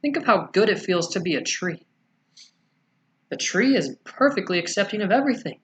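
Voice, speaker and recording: A man channeling a spiritual message as a collective "we", speaking slowly and soothingly with gentle rhetorical questions. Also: sits high, sing-song, a little hiss or hum. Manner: slow, soothing, rhetorical questions ending in "yes?".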